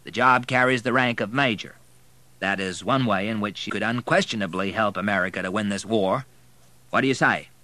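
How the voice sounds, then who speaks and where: Energetic male army general, commanding and loud, voiced by a male audiobook reader. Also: fairly low pitch, fairly quick, dry recording. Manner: commanding, raised voice.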